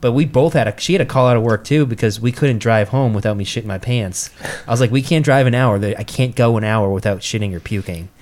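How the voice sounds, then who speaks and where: A young man from New telling a story in casual chat, swearing freely and acting out quotes in a higher, louder voice. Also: fast. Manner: swears freely, acts out quotes with rising pitch.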